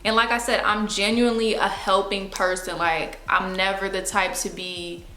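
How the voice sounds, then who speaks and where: Bright-voiced young woman talking candidly. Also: medium pitch, moderate pace, reverberant. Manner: candid, slangy and expressive. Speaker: video host. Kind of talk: casual confessional talk to camera.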